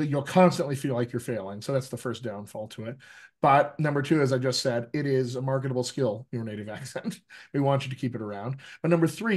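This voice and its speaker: A middle-aged man leads a workshop as a dialect coach. He talks emphatically and casually, checking in with his listeners as he goes. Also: medium pitch. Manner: emphatic, conversational, frequent "right?" checks. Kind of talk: teaching an online workshop.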